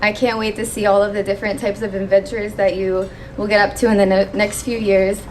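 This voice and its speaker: A young woman giving a maid of honor toast at a wedding reception, reading from her phone and pausing when she gets emotional. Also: mid-range voice, slight background noise. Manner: emotional, pausing to steady herself.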